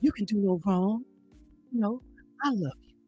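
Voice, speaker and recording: A man putting on the voice of a soft-spoken, flattering man who gushes praise in a hushed, syrupy way. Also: sits high, normal speed, slightly rough, dull audio, faint music behind. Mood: mock tender.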